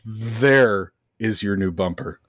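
A man's voice: on the low side, slow, noisy background. A man co-hosting a movie podcast, reading from his notes in a sarcastic, mocking way. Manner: reads from notes, many fillers. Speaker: podcast co-host. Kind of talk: casual movie review chat.

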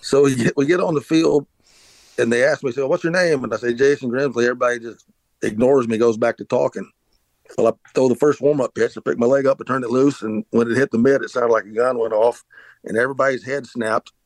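A man's voice: medium pitch, steady tone, fairly quick, darkish tone, no echo, low-quality recording. Brief: middle-aged man, dry, rambling storyteller. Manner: rambling anecdotal, frequent restarts and filler "uh". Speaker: interview guest, former pitcher. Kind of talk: casual storytelling.

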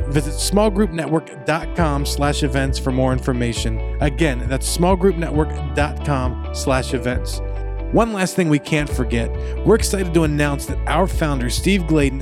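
A man hosting a podcast, reading friendly and energetic announcements about events and dates. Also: on the high side. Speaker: podcast host making announcements. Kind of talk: upbeat promotional announcements. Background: guitar music.

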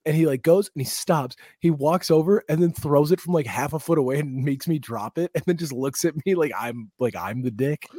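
A man with a slightly husky, breathy voice at a middling pitch, chatting on a comedy podcast. He tells stories with lots of energy and jumps into loud impressions of other people. The sound is dry and close to the mic. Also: a little fast, few pauses, dry recording. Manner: animated storytelling, acts out quotes in raised voices. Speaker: podcast co-host. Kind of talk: casual comedy podcast chat.

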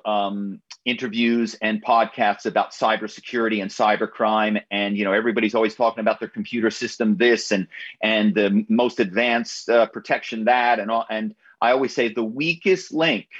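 A man talking as an author and guest in a radio interview, often halting and repeating words as he starts. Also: lowish voice, steady tone, a bit bright, lo-fi sound.

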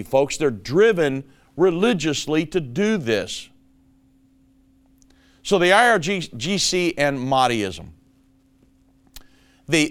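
A man's voice: fairly high pitch, clear, resonant tone. A man hosting a prophecy commentary show, talking emphatically and calling his listeners folks. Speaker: show host.

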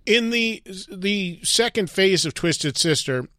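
A male podcast host runs the interview, moving things along with quick questions and segment links. His voice is notably high for a man, and the sound is dry and close. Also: animated, sharp tone, no room sound. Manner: brisk interviewer steering the talk. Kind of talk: interview hosting.

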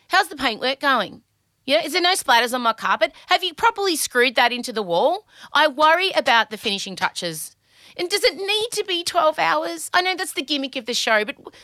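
Aussie lady podcast host rambling, bright sharp voice, swears a lot, nervy. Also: high voice, no echo, clean studio sound. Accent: Australian. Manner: candid, anxious, chatty and swears freely. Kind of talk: casual podcast monologue.

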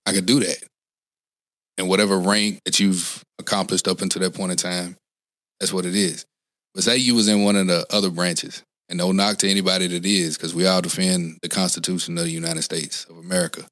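A man's voice: sits low, little pitch movement, fairly quick, a bit bright, no room sound. A man in his forties, a former Marine, talking earnestly in an interview, rambling with frequent restarts. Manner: earnest, rambling, frequent restarts and "you know what I'm saying". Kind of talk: casual interview talk.

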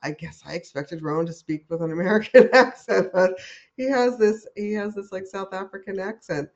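A woman's voice: mid-range voice, fairly quick, darkish tone. A woman guest talking enthusiastically in a conversational interview, rambling with many restarts and fillers. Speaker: guest who works with horses. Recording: dull lo-fi audio.

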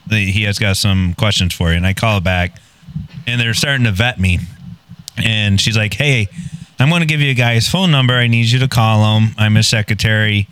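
A man's voice: fairly low pitch, moderate pace, fairly bright tone, clean tone. A man casually telling a long anecdote, blunt and profane and poking fun at himself. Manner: blunt, profane, self-mocking. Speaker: podcast guest telling a story. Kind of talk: casual storytelling.

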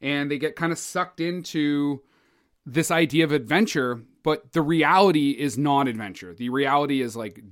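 Rambling Canadian podcast co-host, man. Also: medium pitch. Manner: rambling, many fillers and restarts. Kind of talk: casual film discussion.

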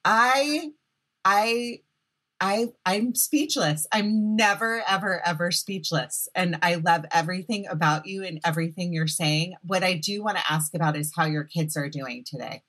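A woman's voice: on the low side, normal speed, fairly bright tone. Effusive woman podcast host. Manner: effusive and gushing. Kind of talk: casual podcast chat.

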